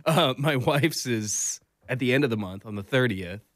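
A man in casual chat on a radio show, relaxed and rambling. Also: mid-range voice, normal speed, no room sound, studio quality. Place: radio studio.

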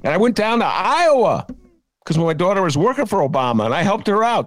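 A middle-aged man co-hosting a casual political chat, self-mocking and swinging between low mumbles and excited high bursts. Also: fairly quick, dry recording. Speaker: podcast co-host.

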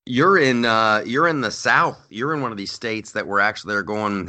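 A man co-hosting a podcast, telling stories in casual chat with loud, animated outbursts. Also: on the low side, normal speed, few pauses. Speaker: podcast co-host. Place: lives in New York.

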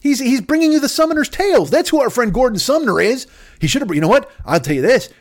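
A man hosting a podcast, riffing through a rambling comedy bit with excitable, profane, absurd tangents. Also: very high-pitched, fast talker. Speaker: podcast host.

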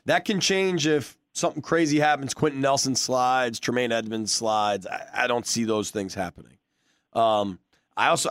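A man's voice: medium pitch, no echo, studio quality. A man hosting a casual sports podcast, joking and teasing his co-hosts. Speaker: podcast host.

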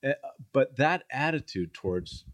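A man's voice: mid-range voice, very animated, a little slow, no room sound. A middle-aged man, a guest in a casual conversation, telling stories and acting out the people he quotes. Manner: storytelling, acts out quoted people in a raised voice.

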